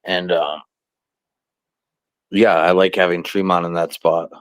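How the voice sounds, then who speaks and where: Low-voiced guy chatting on a podcast, lots of ums and restarts, dry close sound. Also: dry recording. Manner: relaxed, halting, many fillers and restarts. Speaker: wrestling promoter, show regular. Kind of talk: casual podcast chat.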